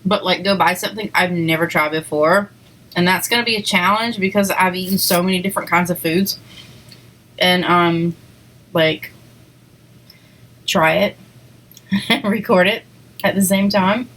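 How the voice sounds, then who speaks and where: A woman's voice: lowish voice, steady tone, unhurried, long pauses, fairly bright tone, low-quality recording. A woman hosting a casual eating video, chatting to viewers between bites with lots of "like" and "um" and small giggles. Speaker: eating show host. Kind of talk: casual mukbang chat to viewers.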